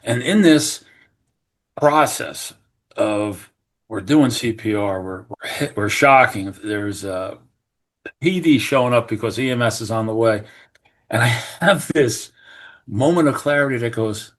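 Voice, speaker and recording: A middle-aged man from New Jersey, a retired fire captain, telling a story as a podcast guest in an earnest, animated way, acting out what people said. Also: medium pitch, normal speed. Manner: earnest, animated, acts out quoted remarks, many restarts. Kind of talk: conversational storytelling.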